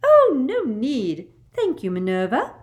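A woman's voice: high voice, wildly swooping pitch, takes it slowly, darkish tone, pitched above the performer's own voice, exaggerated voice. A woman voicing a simpering, falsely sweet middle-aged witch official in an audiobook, with a honeyed, faux-polite voice. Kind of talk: audiobook character voice.

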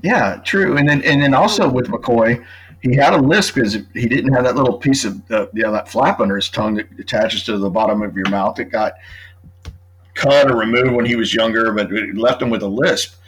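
In a casual podcast chat, a middle-aged author and true crime guest talks freely, setting out his argument one point after another. His voice is mid-range, a bit bright and husky, at a normal speed, on a low-quality recording.

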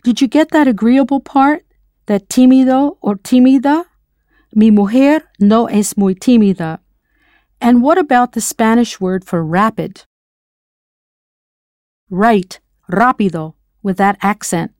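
Prompting the listener to respond, a patient and encouraging American language teacher works through a scripted audio lesson. Her pace is measured with frequent pauses, and her middle-pitched voice has a warm tone. The sound is close, dry and echo-free.

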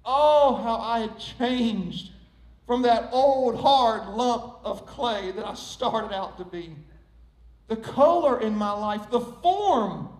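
Casting: man playing a whiny, suffering teacup, very high, roomy echo. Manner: storytelling, rising to high pleading cries. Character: old teacup, male, long-suffering and wondering.

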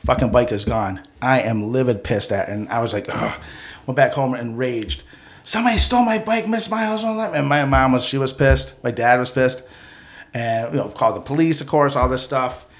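A man co-hosting a podcast, telling a childhood story in a casual, animated way and acting out the people in it. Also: mid-range voice. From Mohawk community of Akwesasne. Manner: animated, acts out the people in his stories.

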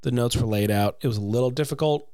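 A man's voice: mid-range voice, quick pace, warm tone, clear, resonant tone, no echo. Wry, joking man co-host, dry sound. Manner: wry, joking, swears casually. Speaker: podcast co-host. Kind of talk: casual chat about a film musical.

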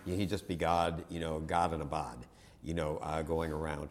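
Low-voiced man lecturing casually. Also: fairly even intonation, moderate pace, a little hiss or hum. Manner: conversational, digressive, with many restarts and asides. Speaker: teacher. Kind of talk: classroom lecture.

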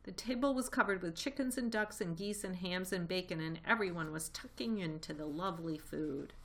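A woman reading a children's storybook aloud, lively and expressive. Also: lowish voice, a little fast. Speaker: reader. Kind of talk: storybook read-aloud narration.

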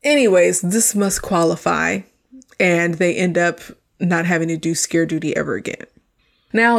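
A young woman talks through a sitcom episode in a loose, chatty way, dropping slang and laughing at her own asides. Her voice sits a little low. She sounds like a podcast host recapping for friends. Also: gravelly. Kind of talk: casual solo review recap.

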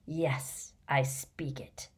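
A woman reading aloud voices a fearless teenage boy with cold disdain. He speaks quietly and in clipped phrases, a little lower than her own voice. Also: measured pace, natural voice.

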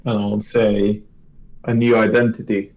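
A man's voice: fairly low pitch, level tone, a little slow, a little mellow, highs cut off. A man playing a tabletop game, hesitant and playful, with frequent restarts. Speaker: player.

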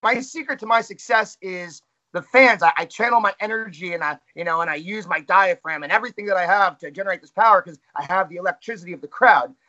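A man's voice: high-pitched, fast talker, hardly any pauses, pushed and bright, muffled recording. A man who works as a wrestling ring announcer, talking candidly and self-critically in a casual interview.

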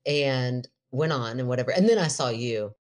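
Middle-aged woman, podcast co-host, very deep voice, lively storyteller. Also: normal speed. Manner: animated storyteller, laughs often, quotes herself in a raised voice. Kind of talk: casual chat, storytelling.

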